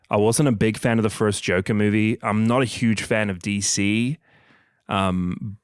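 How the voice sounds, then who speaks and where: A man's voice: fairly low pitch, smooth, dry recording, clean studio sound. A young man with a New Zealand accent co-hosting a podcast, chatting casually and giving enthusiastic movie opinions. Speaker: podcast co-host. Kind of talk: casual chat.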